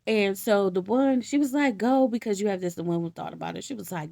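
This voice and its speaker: A young woman telling a story in casual slang, animated, laughing often and acting out the quotes. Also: medium pitch, brisk, vocal fry, no room sound, studio quality. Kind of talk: casual comedic Bible retelling.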